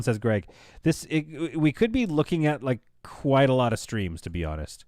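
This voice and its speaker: A man's voice: mid-range voice, sing-song, normal speed, a little mellow, dry recording, clean studio sound. A man in his thirties chatting casually on a live stream, tired from staying up all night, joking and rambling to his viewers. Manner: joking, rambling, talks to chat.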